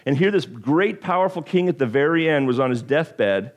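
A male pastor with a slightly higher voice preaches with animated, joking energy. He tosses in self-deprecating asides and often trips over his words and starts again. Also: normal speed, dull audio. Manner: frequent stumbles and restarts. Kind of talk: sermon.

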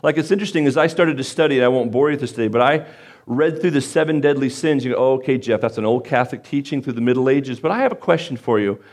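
A man's voice: mid-range voice, fast, darkish tone. A male pastor delivering a sermon in a chatty, conversational way. He gets fired up at times and makes fun of himself along the way.

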